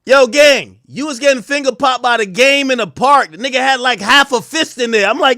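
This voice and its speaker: A man streaming live, ranting to his chat in a crude, animated way that bursts into shouting. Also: very high voice, a little fast, hardly any pauses, dry recording, studio quality.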